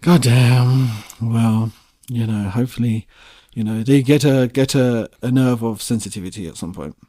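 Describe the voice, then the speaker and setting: A man's voice: mid-range voice, moderate pace, warm tone. A man co-hosting a podcast, chatting casually in a rambling, profane, laid-back way. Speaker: podcast co-host. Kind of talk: casual chat.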